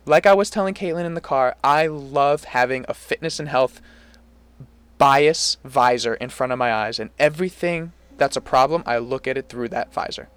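A young man co-hosting a podcast, casually telling an animated story full of swearing. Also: mid-range voice, moderate pace, clear, resonant tone, no room sound. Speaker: podcast co-host. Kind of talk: casual chat.

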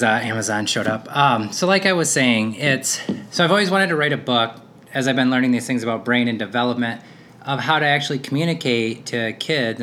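A man's voice: mid-range voice, pushed and bright, a little hiss or hum. Rambling, reflective man. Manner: rambling, self-interrupting, with frequent fillers. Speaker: podcast host, father. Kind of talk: casual reflective monologue.

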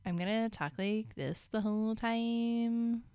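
A woman's voice: fairly high pitch, slow pace, mellow, clear, resonant tone, dry recording, studio quality. A woman, co-hosting a podcast in casual chat, laughing often and swearing casually. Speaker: podcast co-host.

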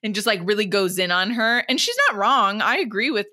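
A woman's voice: medium pitch, fairly quick, bright, forceful tone. A woman co-hosting a podcast, chatting animatedly as she retells a book chapter. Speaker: podcast co-host. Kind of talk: casual chat recapping a book.

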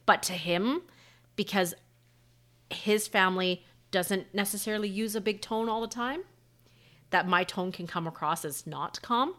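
A woman's voice: mid-range voice, a little slow, a bit bright. A married woman co-hosting a podcast, chatting openly and personally with lots of "like". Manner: open, personal, chatty with frequent "like". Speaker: podcast co-host. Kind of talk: casual conversation.

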